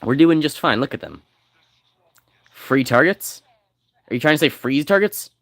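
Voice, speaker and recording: A man giving casual, rambling commentary as he plays a game, now and then reading game text aloud quickly. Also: a little high, lively intonation, dry recording, clean studio sound. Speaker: game streamer.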